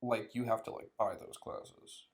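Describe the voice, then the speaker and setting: A man's voice: lowish voice, fairly even intonation, measured pace. A young man with a Southern US accent hosting a podcast, chatting and teasing his guest into a podcast mic. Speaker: podcast host. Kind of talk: casual chat. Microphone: podcast microphone.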